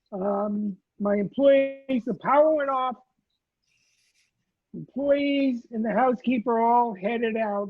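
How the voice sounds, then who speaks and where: A man recounting a personal memory as a survivor, lively and acting out the lines he quotes. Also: high voice, no room sound. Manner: animated storyteller, acts out quoted lines. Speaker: survivor telling his story. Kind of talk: personal storytelling in a conversation. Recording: tinny phone-like line.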